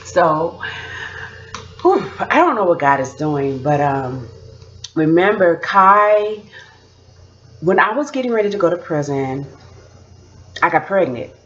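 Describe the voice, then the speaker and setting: A woman, a mother and vlogger, telling family stories in an animated, laughing casual chat. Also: fairly low pitch, takes it slowly, pauses often, dull audio, a little hiss or hum.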